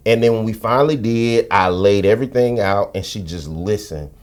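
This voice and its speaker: Speaking at normal speed in a lowish voice, a middle-aged American guest on a podcast tells his stories with frank animation. The candid conversational interview includes slang and profanity.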